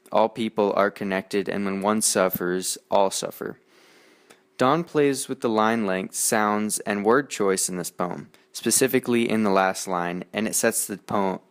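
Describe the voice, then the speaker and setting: A teenage boy reading his school poetry analysis aloud in a steady, earnest way, with small slips. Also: lowish voice, clean tone. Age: teens. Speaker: student presenter.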